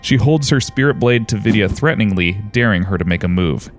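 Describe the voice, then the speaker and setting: A man narrating as game master in a tabletop game, in a steady, descriptive storytelling manner. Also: fairly low pitch, brisk, faint music behind.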